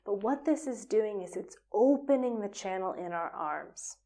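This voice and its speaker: A woman teaching a yoga practice, giving calm, step-by-step spoken instruction and at times slipping into a breathy whisper. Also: mid-range voice.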